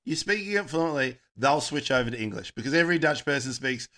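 Bright, animated man telling stories. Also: medium pitch, fast. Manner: animated, stumbling restarts. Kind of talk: casual chat.

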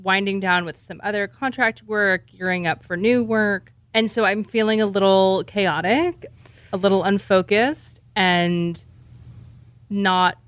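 A woman's voice: mid-range voice, unhurried, clean tone, no room sound. A woman chatting casually on a podcast segment, candid and rambling, frank about her own habits. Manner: candid, self-deprecating, rambling. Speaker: segment co-host. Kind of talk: casual chat.

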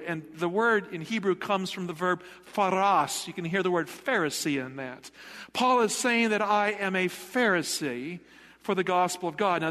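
Man preaching, high voice, emphatic, rhetorical questions, long hall reverb. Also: fairly bright tone. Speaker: pastor. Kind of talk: sermon. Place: church sanctuary.

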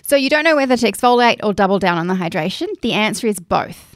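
A woman's voice: medium pitch, lively intonation, fast, no echo, studio quality. Chatty woman giving skincare tips. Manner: chatty and practical, explains step by step. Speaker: podcast co-host giving skincare advice. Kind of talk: casual chat.

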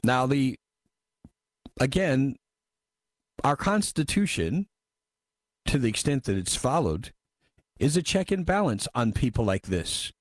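Lively, animated male talk radio host. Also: mid-range voice, slow pace, long pauses, no room sound. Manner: emphatic, wry, conversational. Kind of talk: talk radio commentary, reading listener messages.

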